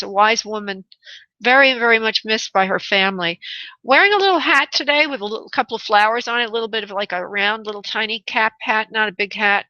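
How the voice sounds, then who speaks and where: A woman's voice: medium pitch, pushed and bright, dry recording, lo-fi sound. A woman hosting a call-in psychic reading, soothing and calling the caller honey and love. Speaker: psychic medium host.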